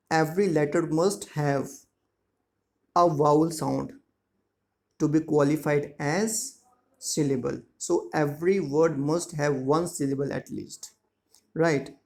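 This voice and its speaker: A man teaching a school lesson, explaining words slowly and checking that students follow. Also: on the high side, vocal fry, darkish tone. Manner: slow, repetitive explaining with frequent check-ins. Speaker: English teacher. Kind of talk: classroom lesson explaining grammar and syllables.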